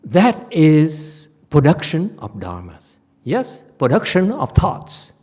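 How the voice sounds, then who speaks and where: Lively, high-voiced man giving a blunt dharma talk. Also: slow pace, breathy edge. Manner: blunt, teasing, acts out students' whining voices. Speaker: Buddhist teacher. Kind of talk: dharma lecture. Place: temple lecture hall.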